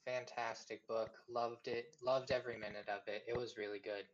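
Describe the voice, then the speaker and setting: A man co-hosting a casual interview, upbeat and excited in short remarks. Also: mid-range voice, normal speed, lo-fi sound. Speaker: podcast co-host.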